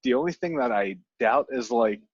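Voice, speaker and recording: A man's voice: medium pitch, moderate pace, breathy edge, dry recording. Man, podcast co-host, rambling chat, muffled lo-fi sound. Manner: rambling, many fillers and restarts. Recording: dry, dull lo-fi podcast audio.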